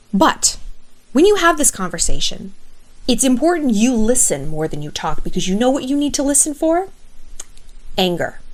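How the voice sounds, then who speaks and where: A woman vlogger giving blunt, emphatic friendship advice to camera in a casual monologue, swearing freely. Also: a little high.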